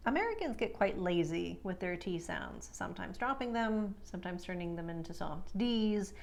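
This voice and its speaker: A woman speech coach teaching an accent lesson, demonstrating vowels and consonants in slow, deliberate, drawn-out words. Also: fairly low pitch, big pitch swings, creaky.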